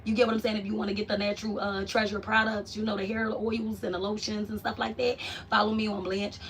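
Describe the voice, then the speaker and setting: A woman's voice: medium pitch, level tone, quick pace, recorded from a distance, slight background noise. Profane chatty woman vlogging from afar. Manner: loose, profane, chatty with viewers, drifting between soft murmur and loud bursts. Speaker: vlogger hosting a live stream. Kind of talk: casual live-stream chat. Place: at home.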